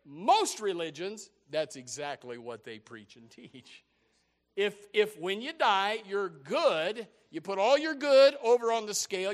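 A man preaching a sermon as a story, animated and often repeating words as he starts a sentence. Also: sits high.

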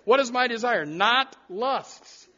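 High-voiced animated man preaching. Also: slow pace, highs cut off. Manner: animated preaching with repeated words and sudden loud rises. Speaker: pastor. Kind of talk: sermon. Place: church.

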